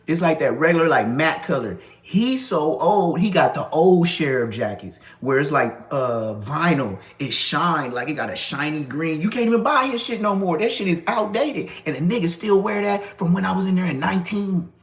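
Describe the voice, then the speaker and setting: Animated man telling jail stories. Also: on the high side, normal speed, few pauses, reverberant. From Los Angeles area. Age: 30s. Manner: animated, acts out other people's lines. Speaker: storyteller. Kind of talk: casual storytelling.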